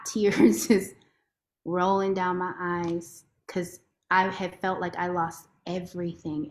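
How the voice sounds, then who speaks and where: Expressive woman, echoey room. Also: mid-range voice. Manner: expressive, heartfelt storytelling. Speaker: lawyer and podcast guest. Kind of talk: personal testimony in conversation. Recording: roomy echo.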